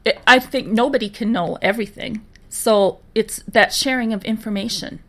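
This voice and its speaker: A woman's voice: on the high side, moderate pace, fairly bright tone. A woman with a Minnesotan accent, co-hosting a podcast in casual chat and laughing easily. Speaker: podcast co-host.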